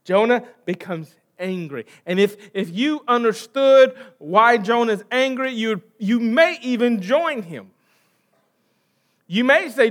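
An American pastor with a notably high voice delivers a sermon. He talks to the congregation in a loose, conversational way, throwing them questions. He leans hard on some words and lets others fall away almost to nothing. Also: lively intonation, slow. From United States. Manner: dramatic shifts between loud emphasis and quiet trailing endings.

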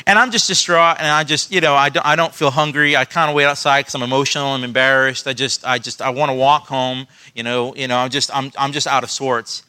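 A man preaching a sermon to his church, telling personal stories in an earnest, animated way and often restarting his sentences. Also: mid-range voice, brisk, few pauses, smooth. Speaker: pastor.

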